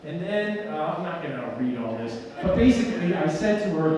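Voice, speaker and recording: A man, an architect, giving an animated talk at an event, telling stories and sometimes shouting and laughing. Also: on the high side, a little fast, few pauses, slight background noise. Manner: animated storyteller who shouts and laughs at slides. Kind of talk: conference presentation. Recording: echoey hall from far off.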